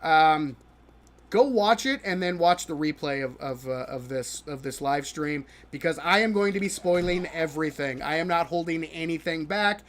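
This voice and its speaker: A man with a fairly high voice runs a live stream, grumbling and scoffing about a show as he plays. His delivery is halting and full of restarts, and he keeps breaking into laughter at how bad he found it. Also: lively intonation, fairly bright tone, slight background noise. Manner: exasperated, mocking, laughing often. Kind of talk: live-stream reaction commentary while gaming.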